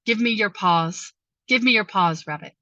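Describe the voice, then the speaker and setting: A slick otter speaks with smooth slyness, as a woman puts it on. The voice is bright and dry. The recording is dull and lo-fi. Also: mid-range voice, normal speed, no echo, natural voice. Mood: sly. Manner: smooth, sly. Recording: dull lo-fi sound.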